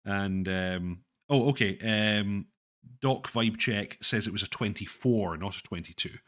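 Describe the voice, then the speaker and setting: A man hosting a casual livestream chat, relaxed and self-deprecating, hesitating with fillers. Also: lowish voice, a little slow. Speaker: stream host.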